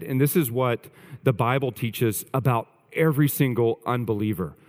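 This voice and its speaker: A man's voice: medium pitch, darkish tone, in a large hall. A male pastor preaching a sermon earnestly, stressing points through repetition.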